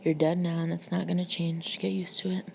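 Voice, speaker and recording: A woman voicing an adult male kidnapper and killer who speaks flatly and without emotion. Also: on the low side, fairly quick, gravelly. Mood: cold. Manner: flat, emotionless. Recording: muffled lo-fi recording with faint hiss.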